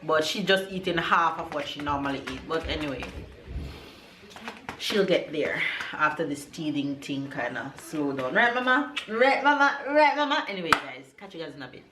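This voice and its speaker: A woman, chatting excitedly to camera in a casual family vlog from her home kitchen. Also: low-pitched, background noise. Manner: chatty, excited, speeds up and slows down. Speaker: family vlogger, mother.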